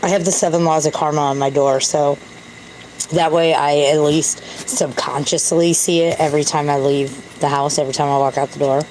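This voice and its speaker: A woman's voice: low-pitched, steady tone, normal speed, a little mellow, slight background noise, poor audio. A woman talking to camera in a candid, self-deprecating, rambling way. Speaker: vlogger. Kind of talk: casual rambling monologue.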